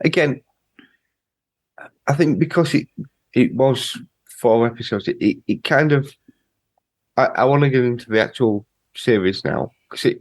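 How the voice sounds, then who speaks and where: A man with a Yorkshire accent talks in a halting, easygoing way on a podcast. His voice is mid-pitched and recorded dry, with no room sound. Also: dry recording. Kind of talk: casual podcast chat.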